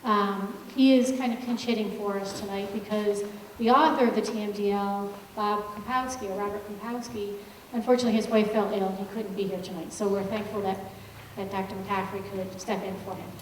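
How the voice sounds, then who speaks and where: A woman's voice: medium pitch, steady tone, fairly quick. A woman moderating a public agency meeting, introducing the panel in a friendly way with many fillers. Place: large public meeting hall. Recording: echoey hall from far off, faint hum.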